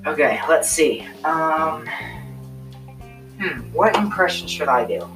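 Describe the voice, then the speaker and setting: A man's voice: on the high side, animated, slow, music in the background, rough recording. A teenage boy co-hosting a podcast in laid-back, giggly casual chat. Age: teens. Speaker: podcast co-host.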